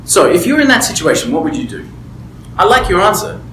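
In an echoey room with slight background noise, a rough recording captures a high-voiced man, brisk and a bit bright with big pitch swings. Mentoring a small group around a table, this business mentor gives a motivational talk full of candid personal stories, speaking emphatically and often checking in with "right?".

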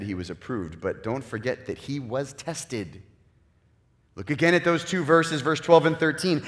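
A male pastor preaching a sermon in an animated way, acting out the voices he quotes and swinging from loud to hushed. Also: medium pitch. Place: church sanctuary. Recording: long church reverb.

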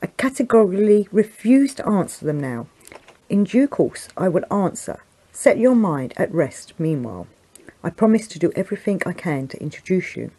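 Woman reading as a calm, self-assured man. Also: lowish voice, normal speed, husky, exaggerated voice. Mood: curt.

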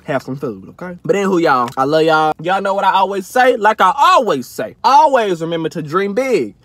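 High, lively man ranting. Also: a little fast. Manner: animated, loud ranting, exaggerated outrage, talks while eating. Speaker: comedy vlogger. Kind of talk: comedic mukbang rant.

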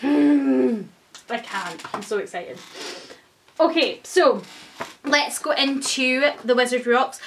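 A young woman, gushing and excitable as she chats through an unboxing for her vlog. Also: on the high side. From Scotland. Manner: gushing, excitable, many exclamations. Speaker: vlogger. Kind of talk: casual unboxing chat.

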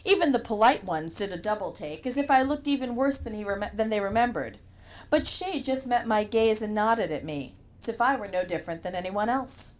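A woman's voice: medium pitch, lively intonation, a little fast. A woman reading a novel aloud in first person, with a wry, conversational storytelling manner. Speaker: audiobook narrator. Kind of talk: first-person audiobook narration.

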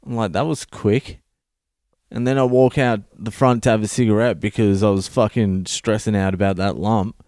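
A man's voice: on the low side, steady tone, fairly quick, hardly any pauses, a little mellow, no room sound, studio quality. A man in his thirties telling blunt, profane comic stories as a podcast host. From Australia. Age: 30s. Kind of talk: comedic monologue.

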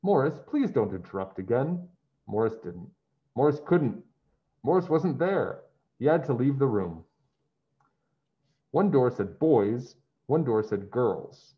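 Man storybook reader, unhurried, muffled recording. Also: medium pitch, very animated. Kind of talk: children's story read-aloud. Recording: dull lo-fi sound.

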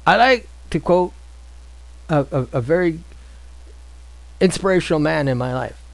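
A man's voice: a little high, lively intonation, unhurried, gravelly, no echo, low-quality recording. A man teaching an informal Bible study, reading scripture and then asking rhetorical questions in a loose, conversational way.

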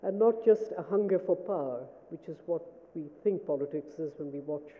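A woman giving a formal memorial lecture as a writer, speaking in a measured, reflective way and checking in with her listeners. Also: low-pitched, a little hiss or hum. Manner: measured, reflective, asks "Do you see?". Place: lecture hall. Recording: phone-like sound in a reverberant hall.

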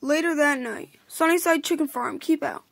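A woman reading a children's book aloud, haltingly, with restarts. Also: sits high, creaky, background noise. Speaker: reader.

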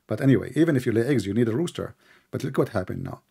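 A man with an accent hosting a heated call-in debate, interrupting and mocking the caller, sometimes slowing his speech on purpose. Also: medium pitch, lively intonation, creaky, dark tone, slightly rough. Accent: non-native English accent. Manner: interrupting, mocking, slows down deliberately. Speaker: debate show host.

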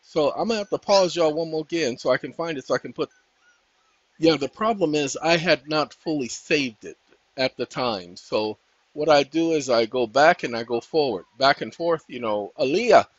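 A man hosting his own channel, talking viewers through a casual tutorial in a folksy, preachy way, often calling them ladies and gentlemen. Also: fairly high pitch, lively intonation, moderate pace, no room sound. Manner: breaks off to talk to his dogs. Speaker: channel host. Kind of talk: casual screen-share tutorial. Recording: dull dry lo-fi sound.

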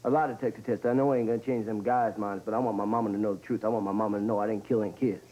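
An actor playing a blunt young man on death row in film dialogue, talking roughly. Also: lowish voice, fairly even intonation, rapid-fire, mellow, highs cut off, close to an everyday voice. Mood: bitter. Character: defiant male death-row inmate, young adult.

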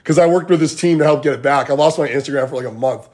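A man's voice: on the high side, quick pace, a little mellow. A man coaching fitness over a livestream from home, chatting casually in a rambling, motivational way, saying "like" and "guys" a lot. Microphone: phone.

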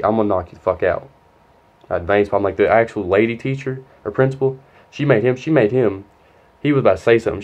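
A man's voice: on the low side, dull audio. A young man telling a heated, profane story in a casual storytime. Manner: profane, rambling, heated retelling.

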